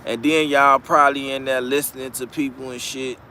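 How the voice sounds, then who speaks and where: A man's voice: medium pitch, little pitch movement, a little fast, bright, forceful tone, slight background noise. A man hosting a casual live-stream commentary, talking bluntly with heavy profanity and frequent restarts. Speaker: commentary channel host.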